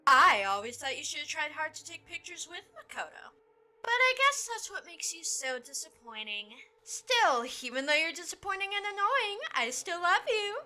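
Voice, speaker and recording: A woman's voice: very high voice, big pitch swings, moderate pace, bright, forceful tone, full character voice. A woman voicing a cruel, playful teenage girl who mockingly taunts her sister in a fan dub. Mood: sweetly mocking. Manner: sweetly mocking.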